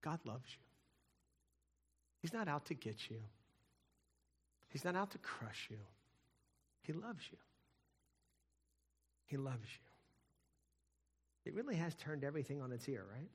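A middle-aged man preaching a sermon, telling stories and swinging between loud emphatic lines and hushed, quiet ones. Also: on the high side, very animated, a little slow, long pauses, slightly rough. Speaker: pastor.

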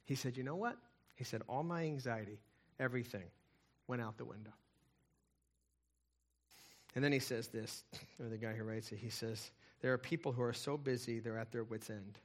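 A middle-aged man preaching a sermon, telling stories and swinging between loud emphatic lines and hushed, quiet ones. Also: mid-range voice, normal speed, long pauses. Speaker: pastor.

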